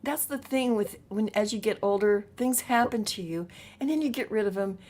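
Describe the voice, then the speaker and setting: A woman's voice: mid-range voice, normal speed, noisy background. A woman co-hosting a casual livestream, talking in an easygoing, rambling, reflective way. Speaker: co-host.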